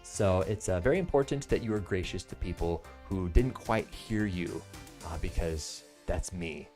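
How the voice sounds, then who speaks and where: Animated American man on a live stream. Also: deep voice, moderate pace, faint music behind. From United States. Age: 30s. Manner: animated, jokey, swings between loud bursts and soft asides. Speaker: livestream product reviewer. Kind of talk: live-stream product pitch.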